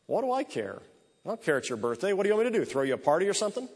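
A man doing a gruff chubby diner cook. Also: high-pitched, sing-song, very fast, a little mellow, pitched above the performer's own voice, heavily acted. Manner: gruff, blunt. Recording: echoey hall.

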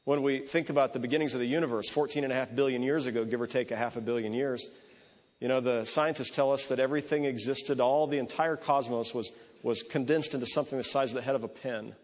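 A man's voice: mid-range voice, fairly even intonation, fast. A man preaching a sermon, telling a story in a conversational way that strings lines together with repeated ands. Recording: echoey hall.

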